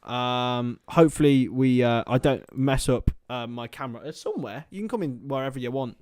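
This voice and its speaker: A man's voice: mid-range voice, fairly quick, darkish tone, clear, resonant tone, no room sound, studio quality. A young man hosting a casual football watchalong stream, joking and chatting to viewers as lads. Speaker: livestream host.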